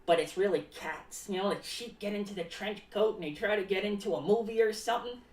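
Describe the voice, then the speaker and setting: A woman's voice: mid-range voice, a little fast, a little mellow, recorded from a distance, natural voice. A woman voicing a rambling, eccentric clown who talks about himself in the third person and is paranoid about cats, streaming live. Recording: echoey room, voice away from the mic.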